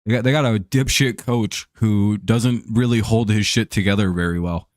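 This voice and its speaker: A man's voice: on the low side, steady tone, moderate pace, no room sound. Rambling, cussing guy on a dry mic. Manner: rambling, profane, many fillers and restarts; answers chat viewers by name. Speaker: streamer hosting a sports chat show. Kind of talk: casual livestream sports talk.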